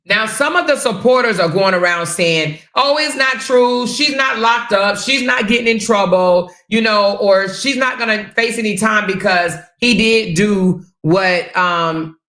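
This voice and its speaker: A woman's voice: mid-range voice, a little slow, hardly any pauses, fairly bright tone, roomy sound. A woman hosting a reaction commentary, talking casually and emphatically, often repeating herself. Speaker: host.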